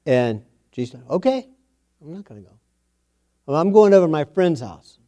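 A middle-aged preacher with a highish, sing-song voice and dark tone speaks at a moderate pace. In his sermon he tells a homespun family story in a folksy way, repeating phrases for emphasis.

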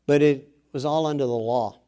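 A man's voice: mid-range voice, fairly even intonation, moderate pace, mellow, smooth. A man preaching a sermon, earnest, with self-deprecating asides, rising in force when he exhorts.

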